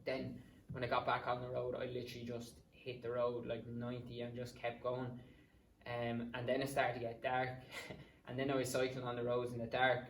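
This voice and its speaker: A man's voice: mid-range voice, monotone, normal speed, slight background noise. A young Irish man in his twenties, a podcast guest telling stories in a casual, rambling way, swearing freely and drifting into asides. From Ireland. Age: 20s. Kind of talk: casual storytelling. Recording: roomy sound, distant mic.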